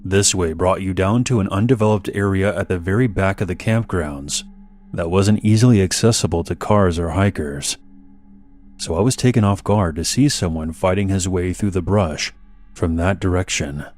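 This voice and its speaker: A man with a very low voice narrating a scripted horror story. He reads in a measured, steady way, letting each line land. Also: faint music behind.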